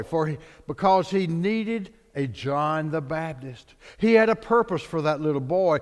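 Male pastor, lively and expressive delivery, higher-pitched, long hall reverb. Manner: dramatic preacher, voices the people in the stories. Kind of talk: sermon.

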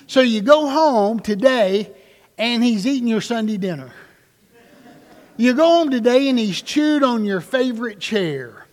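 High-voiced emphatic male pastor preaching. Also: expressive, big-room sound. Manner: emphatic, slows right down on key phrases, asks the congregation questions. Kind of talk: sermon. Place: church sanctuary with congregation.

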